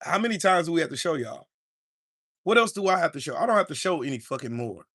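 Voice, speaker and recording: A man's voice: a little high, lively intonation, fast talker, a bit bright, breathy edge, no room sound, clean studio sound. A man hosting a live-streamed podcast, ranting in an angry, profane and confrontational way. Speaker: podcast host.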